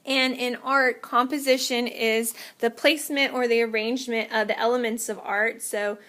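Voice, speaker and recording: A woman's voice: fairly high pitch, flat delivery, normal speed, bright, forceful tone. A woman teaching an art lesson, explaining step by step while demonstrating on paper and sometimes moving away from the mic.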